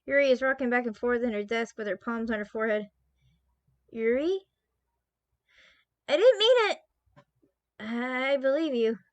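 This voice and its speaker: Woman reads a nervous, stammering schoolgirl, high and pleading, dry close sound. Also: no room sound, highs cut off, lightly acted. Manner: pleading, halting delivery. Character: shy, anxious teenage girl who is easily shaken.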